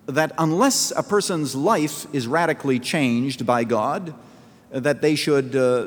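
A man's voice: mid-range voice, big-room sound. A man preaching a sermon as a pastor, telling a story earnestly and pressing hard on key phrases.

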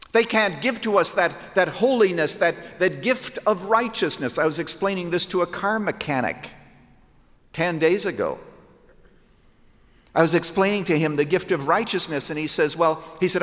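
A man's voice: a little high, animated, moderate pace, fairly bright tone. A man preaching a sermon, emphatic and rhetorical, putting questions to his listeners and quoting scripture in old-fashioned wording. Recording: long hall reverb from a large room.

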